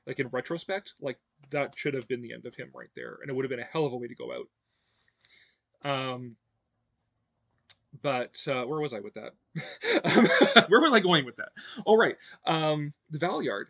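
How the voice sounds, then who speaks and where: A man hosting a livestream, chatting casually with viewers in a rambling way, with many fillers and restarts, growing animated when excited. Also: medium pitch, normal speed, vocal fry, long pauses, no room sound. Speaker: livestream host. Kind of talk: casual fan chat answering viewers.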